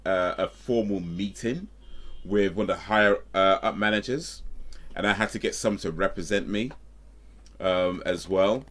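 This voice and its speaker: A man's voice: sits low, moderate pace, fairly bright tone. A man, streaming and casually telling a rambling story, often correcting himself and breaking off with asides. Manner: rambling, self-correcting, with frequent fillers and asides.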